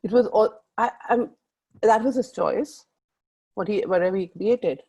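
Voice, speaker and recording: A middle-aged Indian-accented woman coaching a group over a call. Her voice is soft and mellow, and she talks in long, earnest, rambling runs, often calling out to her listeners directly. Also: mid-range voice, measured pace, slightly rough, dull audio. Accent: Indian English. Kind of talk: motivational group call talk.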